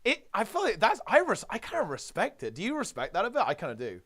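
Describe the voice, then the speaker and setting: A man's voice: high-pitched, wildly swooping pitch, fast talker, fairly bright tone. A man hosting a live stream, reacting with amusement and talking to his chat. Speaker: streamer host.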